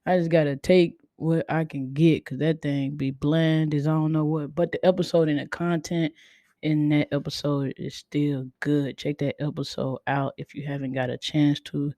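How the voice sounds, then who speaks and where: A woman podcast host chats casually in a near-monotone. Her voice is mellow and warm, and she sounds a little tired. The recording is dry and close, with no room echo. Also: deep voice, moderate pace. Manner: self-described monotone, laid-back delivery. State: tired, sleepy. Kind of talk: casual chat.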